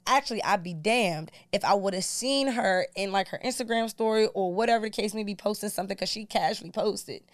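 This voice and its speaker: A woman's voice: mid-range voice, clear, resonant tone, no echo, clean studio sound. A woman guest on a podcast, telling a personal story in casual, colloquial speech and acting out what people said. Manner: animated, colloquial storyteller who acts out dialogue.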